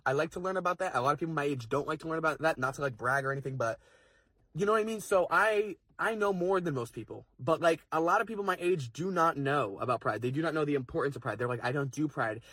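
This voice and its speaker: Fast-talking young man ranting, husky. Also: on the high side, animated, sharp tone, dry recording. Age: young adult. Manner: fast, heated, swearing, lots of fillers. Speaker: vlogger. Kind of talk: impassioned casual rant to camera.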